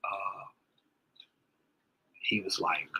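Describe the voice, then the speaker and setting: A man's voice: low-pitched, flat delivery, extremely slow, sharp tone, slightly rough. A man speaking to his followers in a casual vlog as an emotional father, his voice crackling as he stumbles and repeats words.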